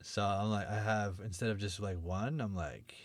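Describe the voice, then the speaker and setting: A laid-back man chatting casually on a podcast, his voice sitting fairly low. He tells stories in a relaxed, jokey way. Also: moderate pace, a little hiss or hum. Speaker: podcast co-host. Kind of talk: casual chat.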